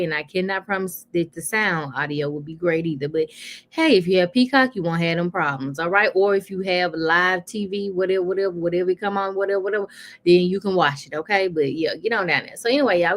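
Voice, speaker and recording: Chatty woman with a lowish voice. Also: a little fast. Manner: chatty, addresses viewers as y'all, lots of fillers. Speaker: host of a live celebrity gossip stream. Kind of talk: casual live-stream commentary.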